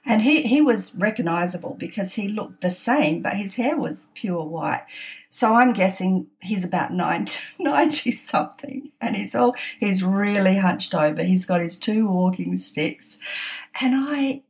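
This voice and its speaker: A middle-aged Australian woman tells a story on her podcast in a loose, chatty way. She laughs often and keeps restarting her sentences. Her voice sits in an ordinary middle pitch. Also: lively intonation, unhurried. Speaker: podcast host. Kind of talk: casual anecdote storytelling.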